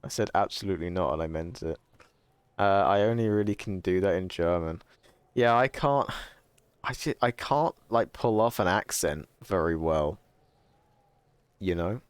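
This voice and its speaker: A young man with a deep, smooth voice talks casually to his stream chat. He rambles and corrects himself as he goes, swearing freely. The sound is dry and close, with no room around it. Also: moderate pace, long pauses, no echo.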